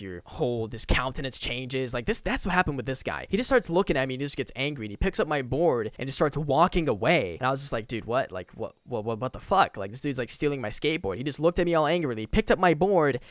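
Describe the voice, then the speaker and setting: A young man tells a story for his vlog at a quick clip. His voice is smooth and clear, and it sounds close and dry with no room around it. He talks in an animated, conversational way. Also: medium pitch, no room sound. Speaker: YouTuber.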